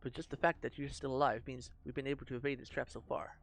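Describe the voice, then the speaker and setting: A man's voice: mid-range voice, little pitch movement, quick pace, creaky, lightly acted. A man voicing a polite, practical young woman companion. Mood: matter-of-fact.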